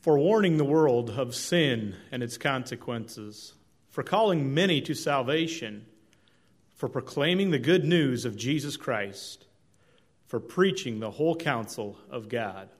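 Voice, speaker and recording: A man from the congregation reading a dedication passage in a steady, earnest voice. He sounds set back from the microphone. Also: medium pitch, measured pace. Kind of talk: responsive reading.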